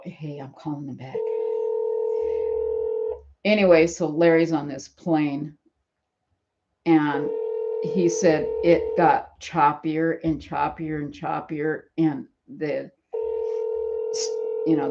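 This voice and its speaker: A woman's voice: low-pitched, fairly even intonation, slow, pauses often, noisy background. Chatty seventy-year-old woman, lo-fi. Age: 70s. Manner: chatty, laughs often, acts out quotes. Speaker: channel host. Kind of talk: rambling live-stream chat. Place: at home in bed.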